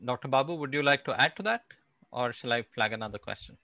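A man's voice: mid-range voice, quick pace, creaky, pushed and bright, dry recording. A man moderating a panel discussion, reading out audience questions with frequent fillers.

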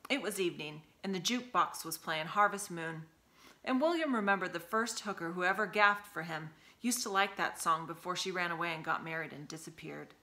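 A woman reading a novel aloud for a community reading, with expressive storytelling. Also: fairly low pitch, brisk. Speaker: community reader.

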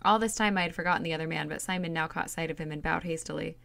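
A woman reading a novel aloud in steady, plain storytelling. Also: low voice, racing, creaky, no room sound. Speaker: reader.

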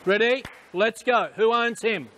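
A man coaching swimmers at a pool, calling out short repeated instructions and quick praise. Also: sits high, pushed and bright. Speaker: swim coach. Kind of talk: poolside coaching commands.

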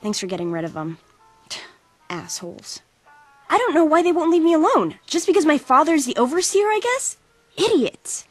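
A woman's voice: high-pitched, sing-song, moderate pace, dry recording, soft background music. An actress playing an annoyed teenage girl who is exasperated and pleading. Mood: fed up.

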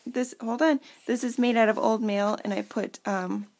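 Chatty woman with a gravelly edge. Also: on the high side, steady tone, normal speed, a little mellow. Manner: chatty, lots of fillers, talks to kids off camera. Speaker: crafter showing a handmade journal. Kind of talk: casual show-and-tell. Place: at home.

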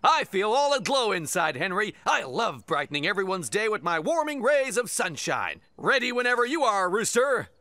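A man voicing a beaming, warm-hearted sun in a children's cartoon, glowing and cheerful. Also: high voice, very animated, normal speed, few pauses, no room sound, heavily acted.

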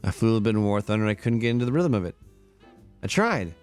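A man's voice: fairly low pitch, expressive, fast. A man hosting a casual live stream, tired but upbeat and chatty, laughing often as he thanks subscribers one by one. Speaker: livestreamer. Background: faint background music.

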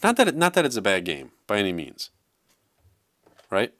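Low-voiced man with wry comebacks. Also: huge pitch swings, moderate pace, a bit bright, no room sound. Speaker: podcast co-host. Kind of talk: casual podcast banter.

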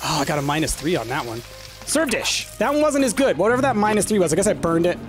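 A man commentating on his own gameplay, his voice sitting high and swinging widely between low grumbles and squeaky outbursts. He is self-deprecating and excitable and talks straight to his viewers. Clear game music plays behind him. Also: fast. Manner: excitable, frequently yelps in frustration. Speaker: gaming commentator. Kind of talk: let's-play commentary.

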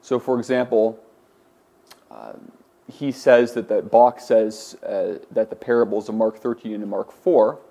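A Greek instructor with a warm, medium-pitched voice lectures his class conversationally, using many fillers and restarts.

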